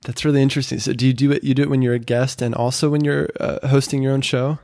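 Male podcast host, relaxed chatty delivery, dry close sound. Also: mid-range voice, fast talker, no echo. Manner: chatty, many fillers and little laughs. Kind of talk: casual interview chat.

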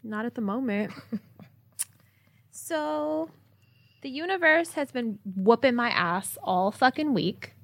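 A woman's voice: fairly high pitch, lively intonation, slow, vocal fry, long pauses, no echo. Woman, casual podcast chat, swears a lot, laughs often, dry recording. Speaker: podcast co-host.

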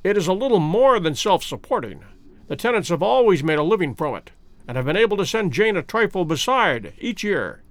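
A man's voice: high-pitched, sing-song, fairly quick, fairly bright tone, dry recording, heavily acted. A man reading an audiobook, voicing an elderly, fussy male professor who clucks and tuts. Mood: rueful. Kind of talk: audiobook character voice.

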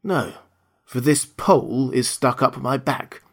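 A man voicing a friendly, simple-hearted male scarecrow in a husky voice, reading a storybook aloud. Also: mid-range voice, takes it slowly, fairly bright tone. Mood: earnest.

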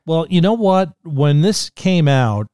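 A man's voice: fairly high pitch, expressive, slow pace, warm tone, clean tone, dry recording, clean studio sound. A man hosting a podcast, chatting casually and enthusiastically over a video call. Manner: enthusiastic, reads out quotes. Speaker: podcast host.

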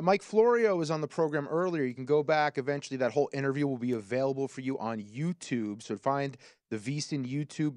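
A man's voice: medium pitch, no room sound, clean studio sound. A man hosting a sports betting show, running through notes and picks in an easygoing way. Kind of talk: casual sports talk.

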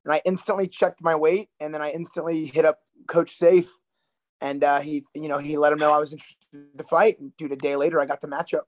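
A man who is a fighter, answering interview questions quickly and plainly as a podcast guest. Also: a little high, flat delivery, soft background music.

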